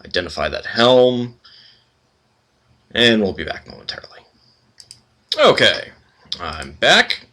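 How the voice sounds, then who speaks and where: A man's voice: fairly low pitch, big pitch swings, slow, pauses often, bright, forceful tone. A man hosting a let's play, reading game text aloud and commenting casually with wry asides.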